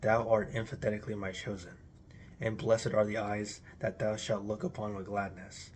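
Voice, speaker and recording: A man's voice: lowish voice, little pitch movement, moderate pace, a little hiss or hum. A man giving a solemn, declamatory recitation of an archaic religious text in an intoned delivery. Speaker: reader.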